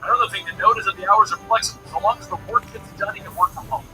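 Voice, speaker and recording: A man narrating a cartoon episode recap in an animated storytelling manner, acting out the characters' quoted lines. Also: high voice, rapid-fire, low-quality recording. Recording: voice over loud background music.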